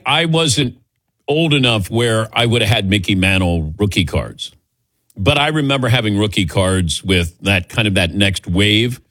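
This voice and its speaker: A man's voice: lowish voice, a bit bright, dry recording. An older man hosting a call-in sports show, his voice rising and falling a lot as he chats and chuckles. He sounds close and dry, with no room around him. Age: 60s. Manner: chatty, laughs often, takes calls. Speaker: sports radio host. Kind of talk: casual call-in radio chat.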